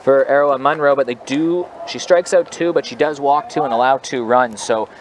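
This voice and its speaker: A man's voice: medium pitch, moderate pace, a little hiss or hum. Upbeat male play-by-play caller. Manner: chatty, upbeat, joking with co-hosts. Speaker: play-by-play commentator. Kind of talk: live sports commentary.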